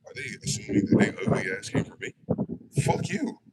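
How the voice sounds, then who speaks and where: A man's voice: fast, heavy background noise. A man ranting in a profane, combative monologue, asking questions and answering them himself. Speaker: online video host.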